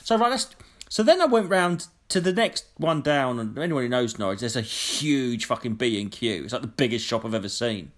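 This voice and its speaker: A man's voice: mid-range voice, lively intonation, normal speed. Sweary, indignant man. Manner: sweary, indignant, mimics people in his stories. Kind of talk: casual chat, storytelling rant.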